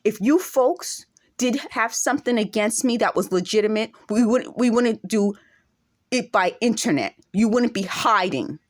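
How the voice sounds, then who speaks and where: A woman's voice: a little high, expressive, normal speed. Indignant woman vlogging to camera. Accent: speaks with an accent of her own. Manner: indignant, emphatic, rhetorical questions. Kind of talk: direct-to-camera monologue.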